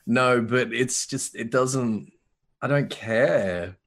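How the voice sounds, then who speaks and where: A man's voice: mid-range voice, slow pace, fairly bright tone. Male co-host, casual gaming chat, joking, restarts often. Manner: joking, trailing off, repeats words.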